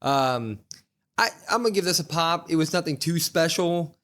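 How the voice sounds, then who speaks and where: A man's voice: fairly high pitch, animated, moderate pace, a bit bright. A man co-hosting a podcast who retells a wrestling show in long, casual runs, often stopping on fillers. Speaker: podcast co-host. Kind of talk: casual wrestling recap chat.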